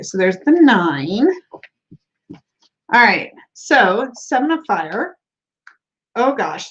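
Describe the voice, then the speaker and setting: A woman's voice: medium pitch, highs cut off. An American woman hosting a tarot live stream, chatting casually, giggling often and reading viewer comments aloud. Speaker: tarot livestream host.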